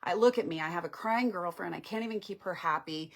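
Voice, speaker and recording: A woman's voice: lowish voice, fast talker, vocal fry. A woman acting out a defensive avoidant boyfriend who rationalizes and brushes his partner off. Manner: rationalizing, dismissive.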